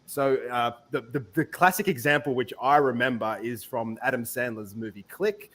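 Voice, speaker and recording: A man's voice: medium pitch, normal speed, a bit bright. A man speaking as an interview guest, rambling and enthusiastic, often restarting his sentences. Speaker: project lead, guest. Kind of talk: casual interview.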